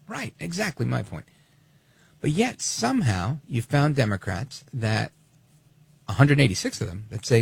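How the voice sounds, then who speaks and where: Man, talk radio host, husky gravelly voice, lively swooping delivery, dry studio sound. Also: mid-range voice, moderate pace, no room sound. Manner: animated, sarcastic, acts out quoted voices. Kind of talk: opinionated talk radio monologue.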